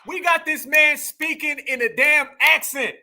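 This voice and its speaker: A man hosting a livestream, delivering animated, profane ranting commentary straight to his audience. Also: very high voice, a little slow, over a noisy crowd. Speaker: livestream host.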